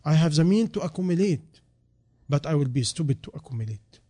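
A man preaching with a somewhat high voice and plainly non-native English phrasing. He moves from hushed, reflective storytelling to loud, rising exhortations, stressing each repeated line. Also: expressive, brisk. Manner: shifts between quiet reflective lines and loud, rising emphatic calls. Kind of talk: sermon.

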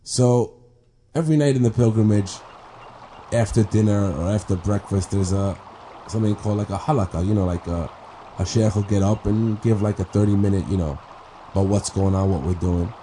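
A man casually telling a personal faith story, talking haltingly with restarts, repeated words and many fillers. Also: lowish voice, mellow. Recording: clear background ambience noise.

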